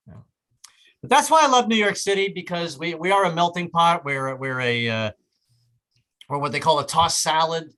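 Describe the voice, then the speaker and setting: A middle-aged man performing a stand-up comedy set on a club stage, breaking into loud shouted impressions. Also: a little high, animated, moderate pace, rough recording.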